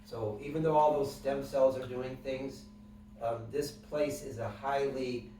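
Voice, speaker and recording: A man's voice: medium pitch, steady tone, a little slow, dark tone, a little hiss or hum. A man instructing a class, explaining in plain terms and asking the students questions as he guides them through breathing. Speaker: wellness instructor. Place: room with a class present. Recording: echoey room, mic from a distance.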